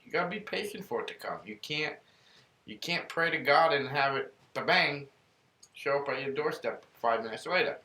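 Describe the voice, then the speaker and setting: Man, podcast host, earnest rambling storyteller, bright voice, echoey room. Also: a little high, lively intonation, moderate pace. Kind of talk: casual faith podcast talk, storytelling. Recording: roomy room echo.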